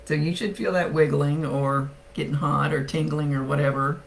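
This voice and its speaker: Gravelly-voiced woman psychic medium. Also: low voice, steady tone, moderate pace, rough recording. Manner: chatty, laughs often, relays spirit messages. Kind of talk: casual spirit reading.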